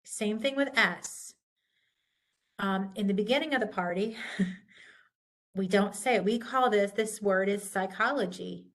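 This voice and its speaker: In a recorded lecture, a woman instructor with a medium-pitched, slightly bright voice patiently explains pronunciation rules. She goes slowly and deliberately, setting correct pronunciations against wrong ones.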